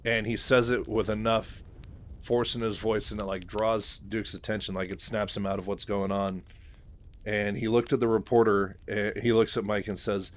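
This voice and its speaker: A man's voice: fairly low pitch, level tone, normal speed. A man casually retelling a novel's story, rambling with many fillers and chuckling at his own asides.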